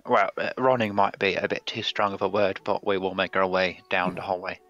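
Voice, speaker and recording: A man playing in a tabletop game, measured and dry. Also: low voice, steady tone, fairly bright tone, highs cut off. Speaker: player. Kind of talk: casual tabletop game play.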